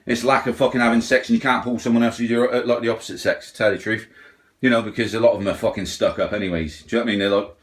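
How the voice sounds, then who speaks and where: A man's voice: on the low side, steady tone, very fast. A middle-aged man, ranting bluntly and swearing, mocking others in put-on voices. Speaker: ranting vlogger. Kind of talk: profane rant.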